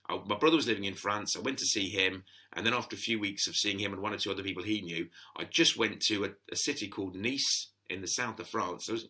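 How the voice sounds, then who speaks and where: Chatty man in his fifties. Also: fairly low pitch. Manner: chatty, animated, laughing often, acts out quoted voices. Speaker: guest. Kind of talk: casual storytelling interview.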